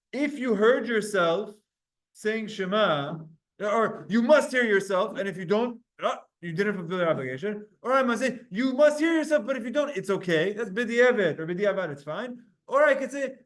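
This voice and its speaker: Man, Talmud teacher, rather high voice, upbeat and brisk, video-call class. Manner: energetic, quick, asks the class questions.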